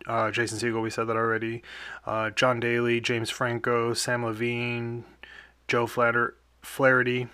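A man's voice: mid-range voice, pushed and bright, no echo, clean studio sound. A young man hosting a casual podcast, rambling through a movie review with lots of fillers and small chuckles.

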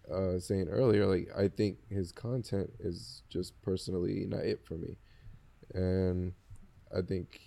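A man's voice: lowish voice, creaky, dark tone. A man in a casual podcast conversation, talking hesitantly with many restarts.

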